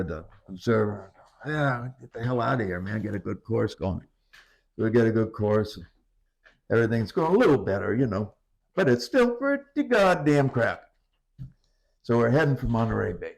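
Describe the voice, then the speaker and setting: A man's voice: medium pitch, creaky, a little mellow. An older man, a retired commercial fisherman from the US east coast, telling profane sea stories and laughing through them in a casual interview.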